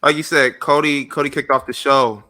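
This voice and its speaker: A man co-hosting a podcast in casual, profane chat, jumping into quick impressions of others. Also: fairly high pitch, fairly even intonation, bright, forceful tone. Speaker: podcast co-host.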